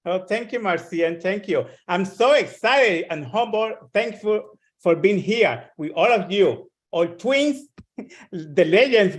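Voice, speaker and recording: A man giving excited, emotional feedback on a webinar, gushing with joy. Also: high-pitched. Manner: emotional, gushing, laughs between phrases. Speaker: webinar co-host.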